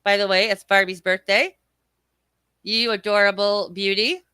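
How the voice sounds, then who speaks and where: A woman's voice: medium pitch, steady tone, measured pace, sharp tone, smooth, dry recording. A woman hosting a casual livestream, reading out chat and swearing freely as she mocks her rivals, her throat a little scratchy. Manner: profane, mocking, rambling. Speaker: livestream host.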